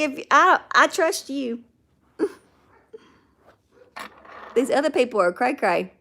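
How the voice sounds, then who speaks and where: A Southern woman talking casually on a livestream, greeting her viewers one by one as she chats. Her voice sits a little high and often slips into a gravelly fry. It has the easy, homey feel of a phone-camera stream. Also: expressive, takes it slowly, pauses often, pushed and bright, slight background noise. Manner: chatty, talks to viewers by name. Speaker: livestream host. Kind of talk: casual livestream chat reading viewer comments.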